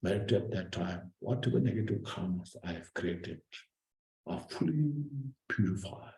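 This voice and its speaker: A man giving a Buddhist dharma teaching in short, halting phrases, often repeating words. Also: sits low, animated, mellow, echoey room, low-quality recording.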